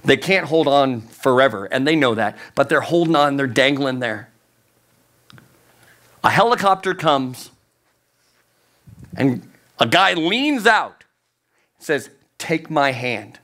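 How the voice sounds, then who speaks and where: A man's voice: mid-range voice, expressive, takes it slowly, long pauses, fairly bright tone. A man preaching a sermon as a youth pastor, emphatic and repeating key phrases, his voice climbing on the points he stresses.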